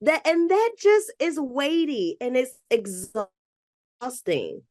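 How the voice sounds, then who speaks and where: A woman's voice: high voice, sing-song, slow pace, no room sound, studio quality. A woman therapist in a podcast conversation, talking in a reflective way and thinking aloud as she goes. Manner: reflective, thinks aloud with restarts and soft laughs.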